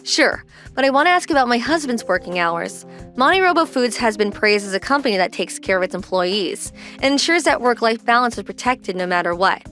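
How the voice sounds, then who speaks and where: A woman's voice: on the high side, expressive, fairly quick, hardly any pauses, fairly bright tone, faint music behind. A young woman voicing a protective wife who confronts her husband's boss in a pleading, accusing way.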